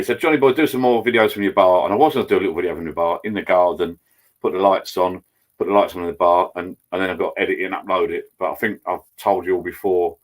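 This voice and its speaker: Deep-voiced bloke, middle aged, chatty and rambling on a laptop live. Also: male voice. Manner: rambling, chatty, greets viewers by name. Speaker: channel host. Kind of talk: casual live-stream chat. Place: home garden bar.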